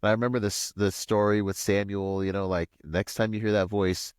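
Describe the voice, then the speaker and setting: A man from Washington State, a podcast guest, telling a long personal story in a rambling, animated way full of "like" and "you know.". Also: fairly quick, smooth, no room sound, studio quality. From Washington State, USA. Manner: acts out quoted voices with pitch jumps. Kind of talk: casual storytelling interview.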